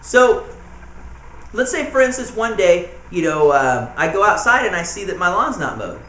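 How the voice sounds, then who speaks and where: Animated man preaching in an echoey room. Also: high voice, moderate pace. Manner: conversational, full of "you know" asides, chuckles. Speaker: home church preacher. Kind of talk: informal sermon, Bible study teaching. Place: small room in a house church. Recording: echoey room, faint background noise.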